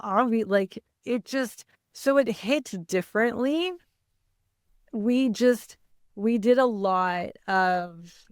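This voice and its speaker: A woman speaks slowly and candidly about her family, pausing often and filling gaps with small words. Her voice is smooth and clear, and the recording is close and dry. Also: medium pitch, dry recording. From Canada. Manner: candid, halting, many fillers. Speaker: guest, mother. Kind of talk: personal interview storytelling.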